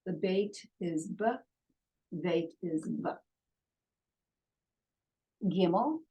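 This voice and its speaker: Woman, patient classroom teacher, lower voice, very measured pace, drills sounds one by one. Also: warm tone, slightly rough, poor audio. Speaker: Hebrew teacher. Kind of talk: classroom lesson, reading out vowels and letters. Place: classroom with a board.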